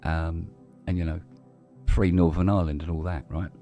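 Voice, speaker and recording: A man's voice: sits low, flat delivery, normal speed, dark tone, muffled recording, soft background music. A middle-aged man telling a rambling story in casual chat, swearing freely and restarting his sentences. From London, England. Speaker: podcast co-host.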